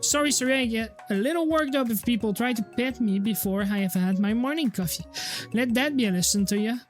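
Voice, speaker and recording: A woman voicing a frazzled small male dog professor in a video game, talking in a rushed, apologetic ramble. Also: a little high, faint music behind, natural voice. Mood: grumpy.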